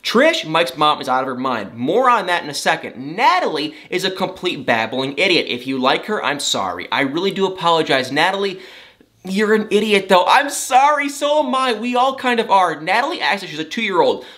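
A man with a bright, lively voice that swings all over the place. He rants sarcastically, in a casual, exclaiming gossip-vlog style. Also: high voice, moderate pace. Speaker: celebrity gossip vlogger. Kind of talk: casual reality TV commentary.

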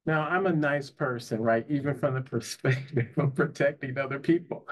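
A man's voice: mid-range voice, moderate pace. A man, a psychotherapist and life coach, telling his personal story in an earnest, conversational way, often asking "right?". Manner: earnest, with frequent "you know" and "right?".

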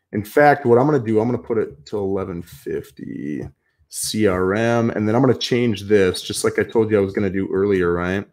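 A middle-aged man hosting a live show, casually talking viewers through his schedule in a coaching tone, often adding "man" and "right?". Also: lowish voice. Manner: lively, swings between bursts and mumbled asides. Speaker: show host. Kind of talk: live walkthrough of his planning.

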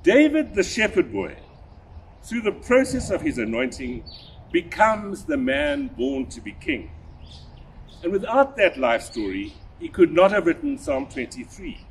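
An older man, a priest, delivering a measured, deliberate sermon with a husky voice. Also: high voice, wildly swooping pitch, a little hiss or hum. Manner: measured, deliberate preaching with emphatic rises.

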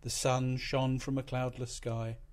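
A man's voice: mid-range voice, flat delivery, unhurried, a little mellow. Man reading a story aloud. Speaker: narrator. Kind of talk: scripted storytelling narration.

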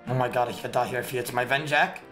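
A man streaming a game, giving excitable, slangy trash-talk commentary with sudden shouts. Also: medium pitch, quick pace. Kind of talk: live gameplay commentary. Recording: echoey room with clear background music. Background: background music.

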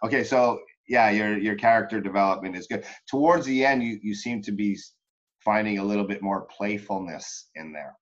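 A man with a lowish voice coaches an acting student in a relaxed, chatty way. He often restarts his sentences, and the audio sounds dull and lo-fi. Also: moderate pace. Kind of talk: coaching session.

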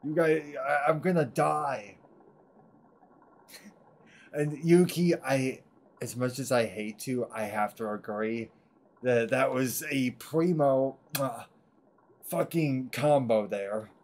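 A man's voice: medium pitch, slow pace, pauses often, darkish tone. A male streamer talking straight to his chat, rambling, heartfelt and swearing freely. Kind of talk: live game-stream chat with viewers.

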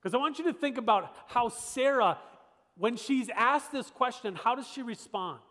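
A man's voice: very high-pitched, animated, moderate pace, a bit bright. A man preaching a sermon as pastor, talking in a conversational, emphatic way and repeating his rhetorical questions. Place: church sanctuary. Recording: long church hall reverb.

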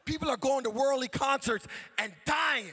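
A male pastor preaching an impassioned sermon, shouting and chanting in a sing-song cadence with repeated phrases. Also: very high-pitched, normal speed.

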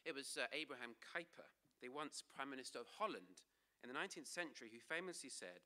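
A man preaching a sermon in church, emphatic, slowing for key phrases and dropping low and soft at line ends. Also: expressive.

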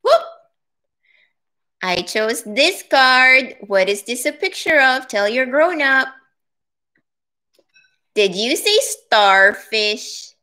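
A woman leads a preschool circle time in a slow, sing-song way, stretching her words for small children. Her voice is bright and slightly high, patient and encouraging. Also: expressive.

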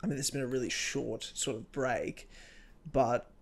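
A man's voice: mid-range voice, unhurried, vocal fry, slightly rough. A man hosting a podcast in casual chat, rambling and restarting his sentences. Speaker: podcast host.

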